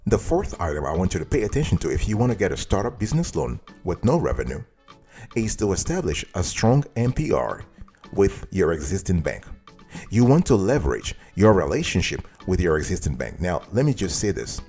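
A man's voice: low voice, very animated, fairly quick, warm tone, slightly rough, soft background music. A man hosting a financial advice tutorial, speaking emphatically and addressing the viewer directly. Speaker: host giving financial advice.

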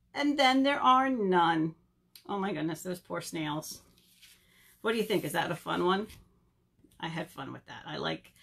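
A young children's librarian with a lowish, husky, somewhat bright voice and vocal fry leads a virtual storytime on video from home or a library. She playfully asks the kids questions.

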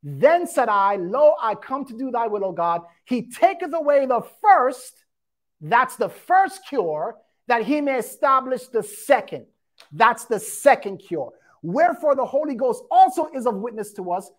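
A woman's voice: fairly high pitch, very animated, measured pace. A woman preaching a sermon, reading scripture aloud and explaining it, with frequent emphatic asides. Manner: emphatic, repeats "watch this".

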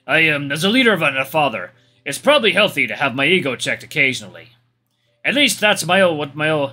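A man voicing a gruff, boastful old male hyena father in a folksy, pirate-like drawl. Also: a little high, bright, forceful tone, full character voice.

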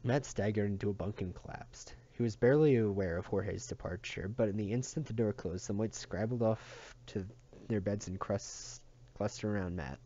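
A man reading a novel aloud in a steady, even narration. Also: on the low side, moderate pace, lo-fi sound. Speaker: audiobook reader.

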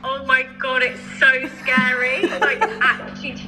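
High-voiced woman over music. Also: completely flat delivery, a little slow, poor audio.

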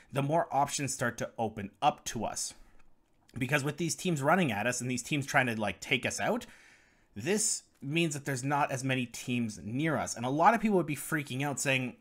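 A man's voice: medium pitch, a bit bright. A young man commentating over gameplay footage, explaining strategy to viewers in a guide. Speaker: gaming guide creator.

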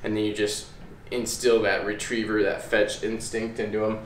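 A man talks in an easygoing, rambling way, slipping in fillers as he explains a simple method. His voice sits a little low. The room around him is echoey, with a faint hum of background noise. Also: little pitch movement, moderate pace. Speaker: dog trainer, channel host. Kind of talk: casual how-to explanation. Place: indoors at home by a hallway.

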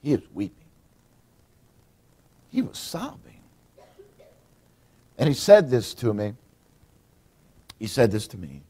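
A man's voice: mid-range voice, very animated, slow, pauses often, warm tone, husky. A middle-aged man preaching a folksy sermon as pastor, acting out what people say. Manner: folksy preaching, acts out quotes.

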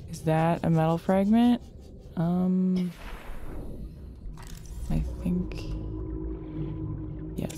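A woman's voice: on the low side, drawn-out words, long pauses, dark tone, a little hiss or hum. A young woman commenting nervously on a game as she plays, talking to creatures and swinging between shrieks and whispers. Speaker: gamer.

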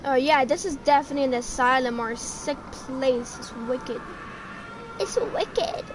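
Woman gamer, high voice, excitable, stammers; noisy backdrop. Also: moderate pace. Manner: jumpy, stammering, full of exclamations. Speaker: gamer streaming a horror ride. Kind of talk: live gameplay commentary.

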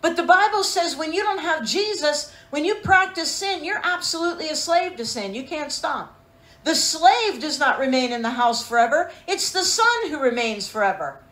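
Woman preacher, high voice, emphatic sermon delivery, echoey room. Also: animated, normal speed, a bit bright. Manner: emphatic, calls for amens, rhetorical questions.

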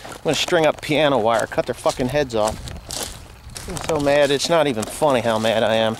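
A man's voice: medium pitch, moderate pace, a little hiss or hum. A man, a farmer with a New Jersey accent, ranting furiously and swearing while filming outdoors in his field on a handheld camera. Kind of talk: angry vlog rant.

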